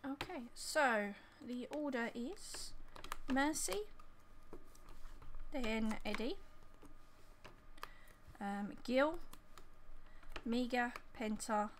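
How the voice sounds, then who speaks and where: Game master, woman, slightly high voice, hesitant and filler-heavy, faint room hum behind. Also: very slow, pauses often. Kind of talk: running a tabletop game online.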